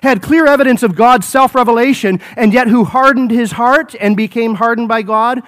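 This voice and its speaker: A man's voice: very high-pitched, moderate pace, a bit bright. A man preaching an expository sermon, repeating phrases, exclaiming and calling his listeners folks.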